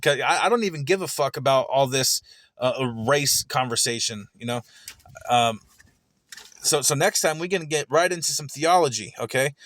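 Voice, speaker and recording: A mid-range, fairly bright voice at a moderate pace comes through a dry, clean studio recording. The man is a streamer reacting heatedly to a recorded debate, cursing a lot and frequently stammering and repeating words.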